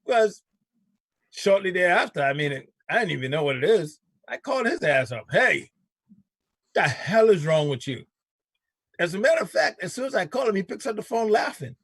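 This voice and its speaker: A man's voice: sits high, sing-song, fairly quick, fairly bright tone, breathy edge, no room sound. A man hosting a casual talk show, telling stories bluntly and animatedly with some cussing. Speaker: show host. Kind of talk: casual chat.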